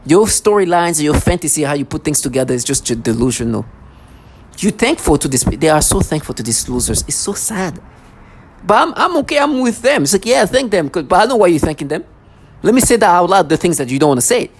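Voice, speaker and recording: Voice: mid-range voice, sing-song, a little fast. A vlogger ranting to camera in an agitated, accusatory way, full of sarcasm and stammered restarts.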